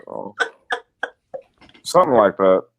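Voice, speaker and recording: A man co-hosting a live stream who delivers his jokes in a dry, deadpan way. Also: on the low side, slow pace, phone-quality sound, background noise. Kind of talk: casual live-stream chat.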